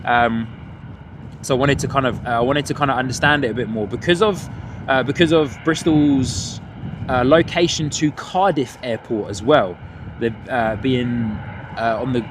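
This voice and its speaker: A man hosting a live plane-spotting stream outdoors at an airport, chatting with viewers in a rambling way, with many fillers and restarts, and excited by good landings. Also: mid-range voice. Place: outdoors at an airport viewing spot. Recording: outdoor traffic noise. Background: outdoor traffic and ambience.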